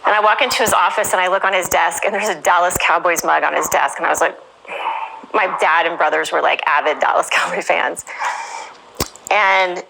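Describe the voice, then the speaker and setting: A woman with a low, gravelly voice speaks frankly and conversationally, as an interviewee recounting her own life. Steady noise sits under the recording. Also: fairly quick. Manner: frank, conversational, with many "you know"s. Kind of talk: candid personal testimony.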